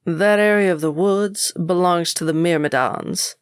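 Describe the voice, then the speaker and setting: A woman's voice: fairly low pitch, a little slow, clean tone, no echo, clean studio sound, lightly acted. A woman voicing an irritable middle-aged male groundskeeper who talks down and swears, in an audiobook. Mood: scornful. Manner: scornful, cursing, talks down. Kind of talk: audiobook character voice.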